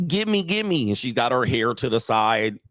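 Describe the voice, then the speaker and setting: A man's voice: fairly low pitch, flat delivery, normal speed, fairly bright tone, no room sound. A man who works as a dating coach, giving blunt, mocking casual commentary on clips and talking straight to his viewers.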